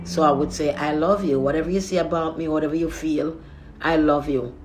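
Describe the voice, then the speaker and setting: A woman, speaking into a phone on a live stream. She rambles softly, moving between prayer and warm reassurance. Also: sits low, fairly even intonation, a little fast, soft background music. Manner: soft, rambling, affectionate reassurance.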